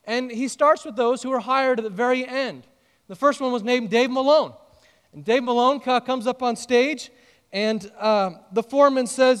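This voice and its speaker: A pastor delivers a sermon in a notably high-pitched male voice. He tells the story with lively animation and trades jokes with the congregation. His voice rings out with the long reverb of a large hall. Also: moderate pace, clean tone. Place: church auditorium.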